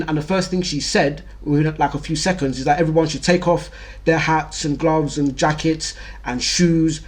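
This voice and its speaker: Young man, storyteller host, frank and vivid, slightly high voice. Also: a little mellow. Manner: candid, vivid, repeats words for emphasis. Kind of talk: personal storytelling monologue.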